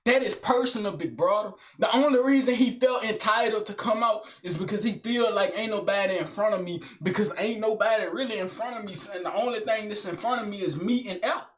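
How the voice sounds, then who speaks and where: Loud swaggering young man ranting. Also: a little fast, few pauses. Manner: loud, swaggering, swings between shouting and low mutters; slangy, keeps tagging lines with son and big brother. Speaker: comedic vlogger. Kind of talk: high-energy comedic rant to camera.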